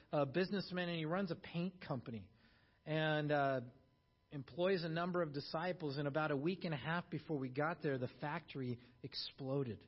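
A man preaching a sermon, telling a story in a hushed low voice, then rising loud for emphasis. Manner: storytelling, drops soft and low for quotes, rises loud for emphasis. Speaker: pastor. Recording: dull lo-fi sermon recording.

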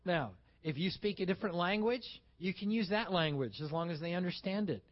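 Male pastor, high-pitched and animated, preaching a sermon on a dull, muffled recording. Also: a little fast. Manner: animated preaching, acting out little dialogues.

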